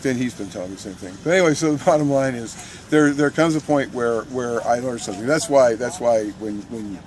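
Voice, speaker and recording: Excitable man telling a story outdoors. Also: mid-range voice, fairly quick, slight background noise. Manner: excitable, restarts and repeats words, laughs mid-sentence. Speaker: militia member recounting a protest. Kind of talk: animated first-person storytelling.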